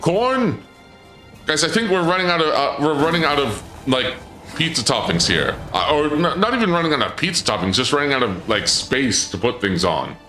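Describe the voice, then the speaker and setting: A man live-streaming, chatting with his viewers in an excitable, stammering way, his voice often leaping up when surprised. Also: mid-range voice, fairly quick. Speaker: livestreamer. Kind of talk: live-stream chat banter. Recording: echoey room with game music behind.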